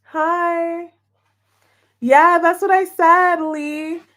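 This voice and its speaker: A woman's voice: very high voice, flat delivery, very slow, fairly bright tone. A woman hosting a tarot livestream, chatting casually and giggling as she greets viewers by name.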